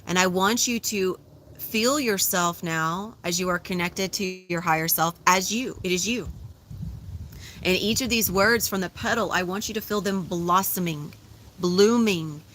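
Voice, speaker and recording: A woman leading a guided meditation, giving slow, soothing, repetitive instructions and affirmations. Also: on the low side, fairly bright tone. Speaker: spiritual guide.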